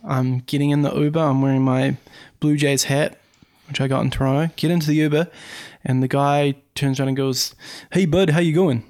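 A man co-hosting a podcast, telling a story in an animated, self-deprecating way. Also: medium pitch, brisk, few pauses. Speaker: podcast co-host. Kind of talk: casual storytelling.

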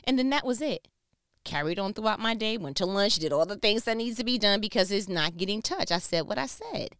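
A woman from New York tells a casual story to camera, with a smooth, clear voice. Her delivery is emphatic and expressive, and she slips into other people's voices as she goes. The sound is dry and close, with no room around it. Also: mid-range voice, fairly quick, no room sound. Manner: emphatic and expressive, acts out voices, laughs between lines. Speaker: storyteller recounting a work conflict.

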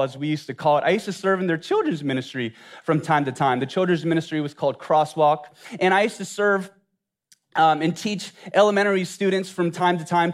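A man with a drawl preaching from the pulpit, his voice sitting high for a man. He speaks earnestly and often pauses on reflective questions. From Louisiana, USA. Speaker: pastor. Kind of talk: sermon.

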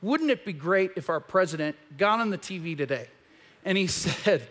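A man preaching a conversational sermon as pastor in a church, telling a story with animated retellings. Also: high voice, normal speed. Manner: animated storytelling, acts out quoted voices.

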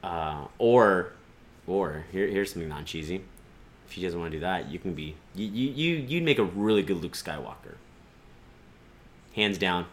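A man's voice: deep voice, moderate pace, pauses often, a little hiss or hum. A man hosting a podcast in casual, joking chat, swearing freely. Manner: animated, joking, profane. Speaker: podcast host.

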